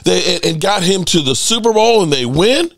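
A fired-up man hosting his own sports channel, ranting hard with cursing and repeated jabs. His voice sits high for a man and leaps all over the place as he hammers each point. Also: animated, moderate pace, a bit bright. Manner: heated, profane, repetitive. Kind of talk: ranting commentary.

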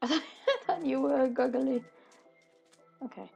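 A woman's voice: sits high, a little slow, gravelly, a little mellow, breathy edge, soft background music. A young woman chattering to herself while playing a video game, giggling and exclaiming as things happen. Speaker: gaming video creator. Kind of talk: casual gameplay commentary.

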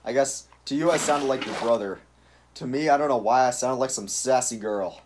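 A gaming YouTuber chats casually while playing a video game, ranting in an exasperated way about its rules. His voice is medium in pitch at a moderate pace, with background noise behind him.

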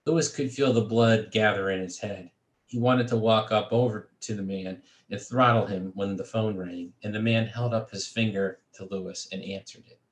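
Man, writer reading fiction aloud, measured, low voice, echoey room. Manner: steady, measured, occasional restarts. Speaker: creative writing faculty reader.

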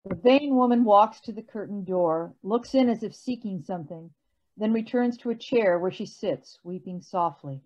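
A woman calmly reading stage directions in a play, recorded muffled. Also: medium pitch, moderate pace.

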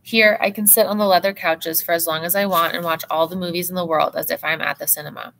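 A woman teacher reads a novel aloud to her class in steady, expressive first-person narration. Her voice is set on the low side but sounds bright and crisp. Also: fast talker, slight background noise.

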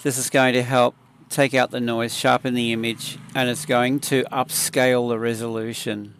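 A man giving a relaxed, conversational photo-editing tutorial, talking through each step with small fillers. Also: mid-range voice, normal speed, a little hiss or hum. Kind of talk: casual software tutorial.

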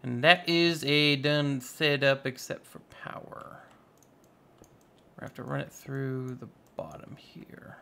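Sex: man. Role: gaming host. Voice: gravelly, playful. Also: medium pitch, fairly even intonation, takes it slowly, bright, forceful tone, slight background noise. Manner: playful, goofy, self-mocking. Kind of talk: casual let's-play commentary.

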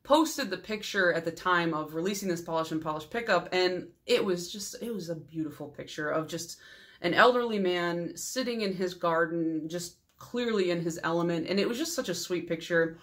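A young adult woman talks through her nail polish collection in an easygoing, meandering way. Her voice sits a little low for a woman. She gets warm and sentimental as she tells small personal stories, with plenty of fillers along the way. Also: moderate pace. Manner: chatty and rambling, many fillers. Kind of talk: casual chat.

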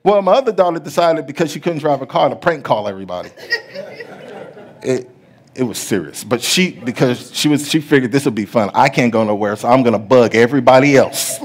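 A middle-aged man preaching a sermon as pastor, telling stories that act out other people's voices and building to loud preaching. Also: medium pitch, a little fast. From USA. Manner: storytelling, rising to loud preaching; acts out the voices in his stories.

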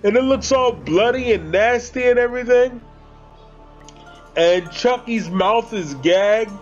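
A man's voice: very high voice, expressive, unhurried, lo-fi sound, soft background music. A man giving a casual, chatty movie review, slangy and talking straight to his viewers. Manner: slangy, chatty, addresses viewers as guys and bro.

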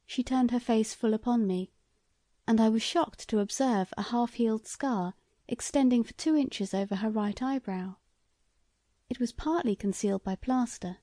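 This scripted audiobook narration features a woman reading a classic short story in a steady, measured way. She has a mid-range voice, and the recording is studio quality with no echo.

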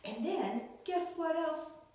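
A middle-aged woman teaching a Sunday school lesson to young children, with an animated, sing-song way of talking. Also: high voice, takes it slowly, a little hiss or hum. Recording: echoey room, from far off.

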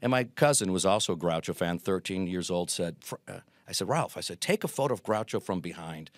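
A middle-aged man telling lively anecdotes as an interview guest, acting out quotes as he goes. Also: low voice, a little fast, dry recording, clean studio sound. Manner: animated anecdotes with acted quotes. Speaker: guest, Groucho performer. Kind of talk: storytelling interview.

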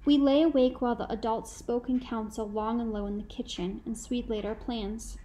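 A woman narrating a first-person novel in a measured, reflective storytelling manner. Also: a little high, fairly even intonation, dark tone, a little hiss or hum, rough recording. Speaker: audiobook narrator.

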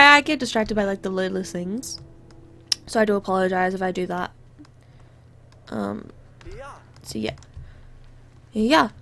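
A woman's voice: mid-range voice, pushed and bright. A young woman giving chatty let's play commentary, bubbly and easily distracted, often apologizing, and a little under the weather. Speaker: gamer.

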